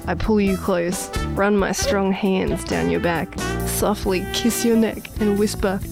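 A woman reenacting a cheesy middle-aged male politician's flirty messages for a comedy podcast, reading them flat and amused. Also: medium pitch, unhurried, gravelly, over music. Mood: cheesy flirting.

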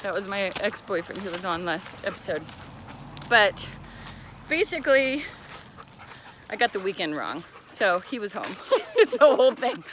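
A woman co-hosting a casual talk, telling a story with lively, laughing delivery while out on a walk. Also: mid-range voice, moderate pace, a little hiss or hum. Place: outdoors on a walk.

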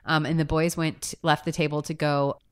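Woman co-host, somewhat low pitch, lively chatty storyteller. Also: moderate pace, smooth. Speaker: podcast co-host. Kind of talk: casual podcast conversation.

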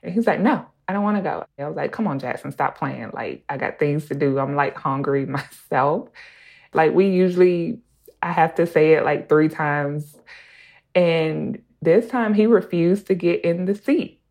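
A woman's voice: low voice, a little slow, a little mellow. A mother in her thirties telling a personal story in a casual, chatty way. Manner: casual, conversational, laughs while telling.

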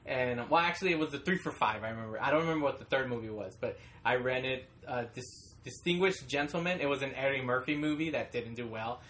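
A young man talks casually with a bright, forward tone. He tells a childhood anecdote in a relaxed chat and briefly acts out the lines he quotes. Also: medium pitch, fast, few pauses, slight background noise. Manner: storytelling with animated quoted voices.

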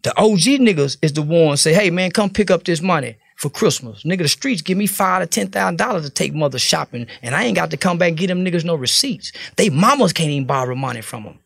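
Guy, high gravelly voice, cussing and preaching hard, dry close mic. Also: expressive, fast, hardly any pauses, fairly bright tone, dry recording. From Fort Worth, Texas. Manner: blunt, profane, preachy street talk. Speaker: interview guest. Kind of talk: casual interview talk.

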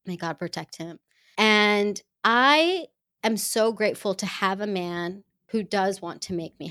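A woman telling a personal story to women listeners in an earnest, heartfelt and expressive way. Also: mid-range voice, no room sound. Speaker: speaker addressing women listeners.

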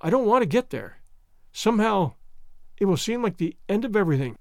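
Man doing a dreamy orphan girl, eager, talkative, lively swooping voice, dry sound. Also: high-pitched, brisk, gravelly, no room sound, heavily acted. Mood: mournful. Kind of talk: audiobook reading.

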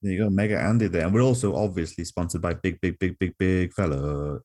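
A young man with a fairly low voice co-hosts a laid-back comedy podcast. He delivers absurd sponsor reads flat and deadpan, as if they were perfectly normal. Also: brisk. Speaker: podcast co-host. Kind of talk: casual comedic podcast chat.

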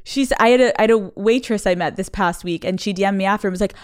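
A young woman, a comedian guest on a podcast, talking in an animated, emphatic way with quick asides. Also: mid-range voice, smooth. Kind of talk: casual interview chat.

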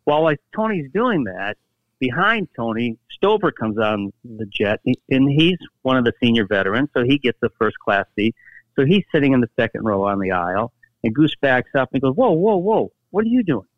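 An older man, a guest, telling stories in a casual interview, acting out quotes with halting restarts. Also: mid-range voice, dry recording, narrow, tinny audio. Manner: animated anecdotes, acts out quotes, halting restarts. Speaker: guest storyteller, former team executive.

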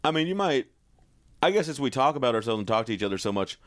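A man's voice: mid-range voice, big pitch swings, fast, dry recording, clean studio sound. A man in his thirties, a comedian in casual banter, wry and profane, telling stories in a laid-back way. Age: 30s. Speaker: comedian podcast co-host. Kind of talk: casual chat.

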